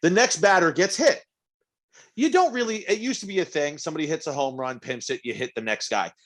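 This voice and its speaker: A man's voice: a little high, brisk. A man co-hosting a podcast in casual chat, telling a story with a lot of swearing and acted-out quotes. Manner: profane, animated storytelling with quoted asides. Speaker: podcast co-host.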